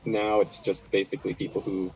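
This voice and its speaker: An American man in a casual gaming voice chat, explaining things in a measured way with hesitant fillers. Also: low-pitched, little pitch movement, a little mellow, faint music behind, low-quality recording. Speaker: gamer in voice chat.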